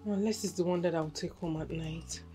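A woman's voice: fairly low pitch, steady tone, fairly quick, over music, close to an everyday voice. An actress with a Nigerian accent playing a young married daughter, sorrowful and apologetic toward her mother. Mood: remorseful. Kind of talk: Nollywood film acting.

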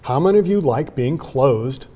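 A man guest on an interview show, explaining his sales method in an animated, emphatic way. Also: medium pitch, normal speed. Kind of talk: conversational interview.

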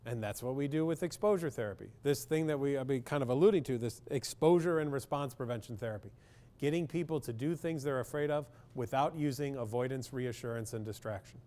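A man's voice: medium pitch, dark tone. Blunt, joking man giving a talk. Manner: blunt, joking, speaks straight to the audience. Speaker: clinical psychologist giving a parent talk. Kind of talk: public talk to parents.

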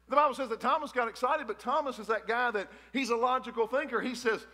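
A man's voice: high voice, brisk, pushed and bright. A man preaching a fervent sermon as pastor in a church, repeating his points with folksy asides. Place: church sanctuary. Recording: long hall reverb in a church.

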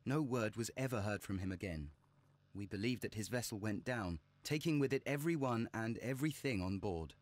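A man's voice: fairly low pitch, expressive, moderate pace, natural voice. An actor playing an earnest young man in a game, telling of his family's disgrace. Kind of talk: scripted game dialogue.

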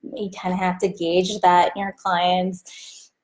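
A woman's voice: on the low side, slow. Chatty woman giving career advice. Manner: chatty and animated, acts out quoted people. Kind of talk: casual talk to camera.

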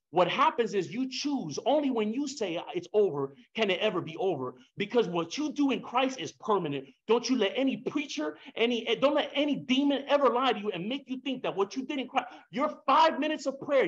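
A high-voiced man delivers a fervent sermon, swinging between hushed lines and loud bursts. He peppers the congregation with rhetorical questions and drops into casual slang. The recording sounds dull and lo-fi.

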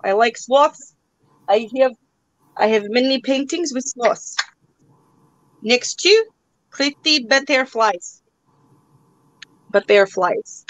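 High, slow-talking playful woman auctioneer. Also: expressive, no room sound, rough recording. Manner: playful, joking, puts on a broken-English accent. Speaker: host of a live online auction. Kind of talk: live sale chat.

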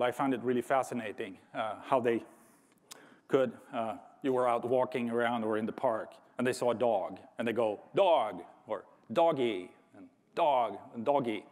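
A man giving a conference talk, thoughtful with light humor, often restarting his sentences. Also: medium pitch. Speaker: conference speaker. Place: large conference hall. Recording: reverberant conference hall.

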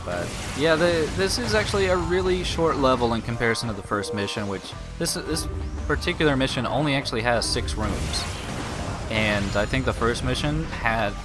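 A man hosting a let's play, chatting loosely over his gameplay at an ordinary middle pitch. He restarts sentences often and swears casually, with game music playing behind him. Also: animated, moderate pace. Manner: loose, profane, frequent restarts.

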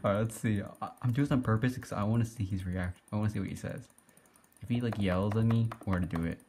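A young man giving excitable, giggly play-by-play commentary as he teases other players in an online game. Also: lowish voice, quick pace, a little hiss or hum. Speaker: gaming YouTuber. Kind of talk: casual Let's Play commentary.

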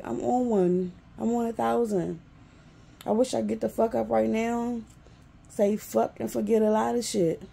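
Woman, 40s, venting rant, very gravelly, husky, profane, exasperated. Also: a little high, mellow. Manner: profane, exasperated, repeats herself. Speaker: vlogger.

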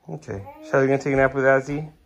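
A woman's voice: rumbling low, fairly even intonation, rapid-fire. A young woman filming her kids at home on a phone, talking to them in a playful, coaxing, sing-song way. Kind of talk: casual home video chat. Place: living room at home.

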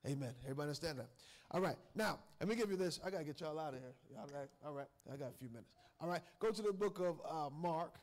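A man's voice: on the high side, lively intonation, fast talker, darkish tone. A man preaching a sermon in a folksy way, laughing and calling out to his congregation. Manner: folksy, laughing asides, calls and responses to the congregation.

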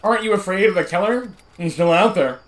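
A man's voice: sits high, brisk, reverberant, voice pushed up, close to an everyday voice, low-quality recording. A man voicing a stranger in a horror game as a whiny, nasal, know-it-all young man. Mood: fussy.

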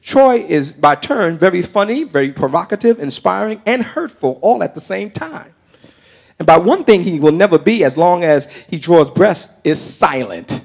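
An older man preaching a sermon as pastor of his church, calling to the congregation and swinging between shouted bursts and quieter asides. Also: high-pitched, big pitch swings, normal speed, creaky. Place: church sanctuary.

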